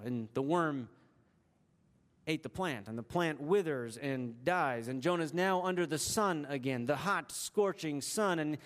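A man preaching a sermon, retelling a story with dramatic shifts in pace and emphasis. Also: on the high side. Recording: long hall reverb.

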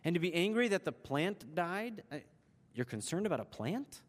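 A preacher voicing God, patiently questioning. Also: male voice, high voice, sing-song. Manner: measured, reasoning questions. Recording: long hall reverb.

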